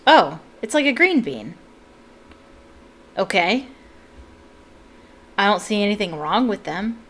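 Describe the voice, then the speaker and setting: A woman's voice: medium pitch, big pitch swings, takes it slowly, a bit bright, rough recording. A woman reading a novel aloud and breaking off for chatty asides of her own. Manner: chatty asides between narrated passages. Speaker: book reader.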